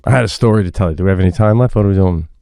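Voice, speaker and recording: A man's voice: low voice, very fast, vocal fry, loud music behind the voice. A middle-aged man co-hosting a podcast, telling a funny story and acting out the people in it. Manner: animated storyteller who acts out the people in his stories. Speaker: podcast co-host. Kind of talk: comedic storytelling chat.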